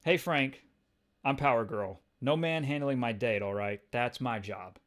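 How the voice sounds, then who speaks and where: A man's voice: medium pitch, unhurried, fairly bright tone, natural voice. A man voicing a bold, flirty superheroine in a brash, teasing manner.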